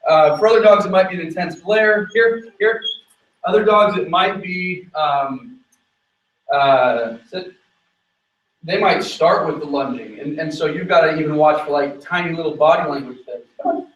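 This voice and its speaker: A man's voice: on the high side, a bit bright, reverberant, lo-fi sound. Distant-miked man coaching a dog. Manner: explains while giving quick commands to a dog. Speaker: dog trainer. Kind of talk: on-location training demonstration.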